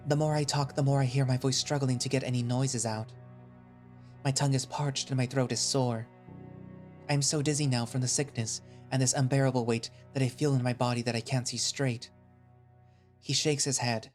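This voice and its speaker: A man narrating a first-person audio story in a measured, tense manner. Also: mid-range voice, fairly even intonation, a little mellow, faint music behind.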